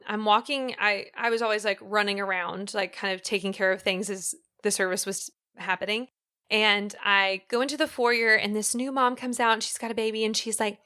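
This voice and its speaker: This woman co-hosts a casual podcast, chatting through lively stories with frequent "um"s and "like"s. Her medium-pitched voice is crisp and smooth, carrying a bright, tense edge.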